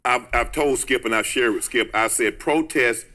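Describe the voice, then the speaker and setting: A man's voice: medium pitch, normal speed, pushed and bright. A man co-hosting a televised debate show, earnestly stopping to make his point. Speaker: co-host.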